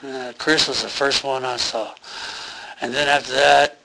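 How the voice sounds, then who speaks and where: A man's voice: medium pitch, fairly even intonation, unhurried, vocal fry, noisy background. A man giving an earnest, rambling personal testimony about a near-death experience, full of fillers and restarts.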